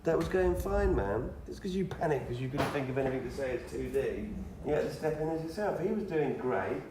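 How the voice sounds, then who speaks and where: A man's voice: medium pitch, expressive, a little fast. A man arguing casually and bluntly, insisting on his point and talking over the other speaker. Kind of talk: casual argument. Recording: echoey room from far off, noisy.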